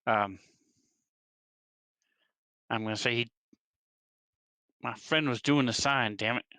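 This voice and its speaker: A man calls out his turn in a tabletop game, quick and businesslike. His voice is smooth and bright. The recording is dry and close. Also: medium pitch, dry recording. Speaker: player. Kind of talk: declaring actions in a tabletop game.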